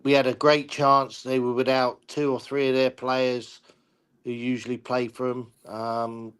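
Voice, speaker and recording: An older man, a former player, giving frustrated football analysis in halting, repetitive talk. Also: medium pitch, flat delivery, smooth. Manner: halting, repeats words, frustrated. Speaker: guest pundit, former player. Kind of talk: casual football discussion.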